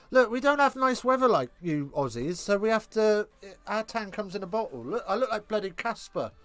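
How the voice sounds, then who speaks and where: A high-voiced English man calls the match live and bounces between rude, cheeky jokes with viewers and excited play-by-play. His voice sounds close and dry, with no room around it. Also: unhurried, no echo. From England. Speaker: live stream commentator. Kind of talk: casual live match commentary, reading chat.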